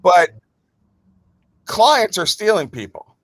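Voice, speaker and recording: A man's voice: sits high, big pitch swings, slow pace, fairly bright tone, no room sound. A man hosting a casual podcast chat, playful and chatty. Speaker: podcast host.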